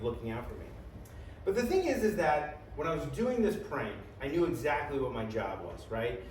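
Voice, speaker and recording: Man, comic storytelling, lively pitch, profane, echoey room, distant mic. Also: slight background noise. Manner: animated, profane, full of "like" and "right?".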